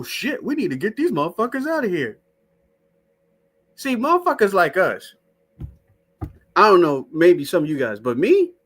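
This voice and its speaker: A man's voice: fairly high pitch, bright, forceful tone. Profane, skeptical man talking to his chat. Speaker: show host. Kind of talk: casual live-stream talk.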